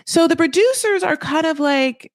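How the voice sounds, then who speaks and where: A woman's voice: very high-pitched, animated, normal speed, dry recording, clean studio sound. A woman hosting a podcast, recapping reality TV in a chatty, gossipy way, full of asides and quoted voices. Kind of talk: casual chat.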